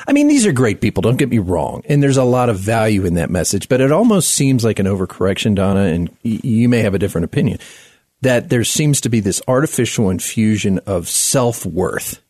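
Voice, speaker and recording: Guy hosting a talk radio show, lowish voice that swings up and down a lot, dry studio sound. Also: fairly quick, no echo. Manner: lively, folksy, talks up the audience. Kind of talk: casual radio interview.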